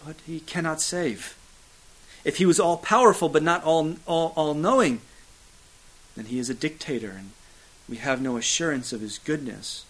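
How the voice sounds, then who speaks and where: A man preaching a sermon, building to loud emphatic peaks, then dropping to hushed, low lines, with a repetitive preaching cadence and occasional fillers. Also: normal speed, poor audio. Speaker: pastor.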